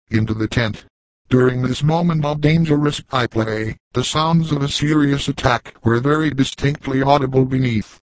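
Male narrator, mid pitch, dry close recording, measured classic-novel reading. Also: no echo, poor audio. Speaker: audiobook reader. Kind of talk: scripted narration.

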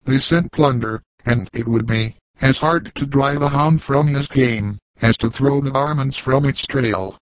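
A man's voice: mid-range voice, a little slow, hardly any pauses, dry recording, lightly acted, poor audio. A man reading the part of a shrewd, cautious old trapper in a storybook, cool and wary.

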